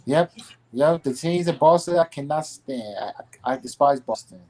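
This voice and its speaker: A man from California in a casual sports chat, agreeing quickly and repeating himself as he talks. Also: on the high side, mellow.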